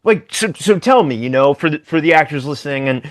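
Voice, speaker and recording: A man's voice: fairly high pitch, lively intonation, brisk. A man hosting an interview podcast, chatting in an effusive, enthusiastic way. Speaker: podcast host. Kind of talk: casual interview chat.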